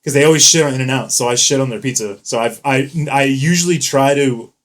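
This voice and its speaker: A man's voice: mid-range voice, a little fast. Young male podcast co-host, casual storyteller, swears a lot, laughs often. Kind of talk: casual chat.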